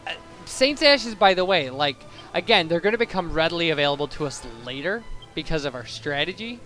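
Bright-voiced young man rambling over gameplay. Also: fairly high pitch, lively intonation, brisk. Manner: rambling, digressive, self-correcting. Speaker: let's play commentator. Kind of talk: casual gameplay commentary. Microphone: boosted home microphone. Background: faint game music.

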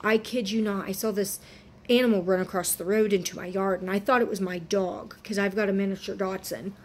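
A woman's voice: mid-range voice, steady tone, brisk. Earnest preachy woman, sick with a sore throat. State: feverish with a swollen throat. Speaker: Christian vlogger. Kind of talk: casual faith vlog talk.

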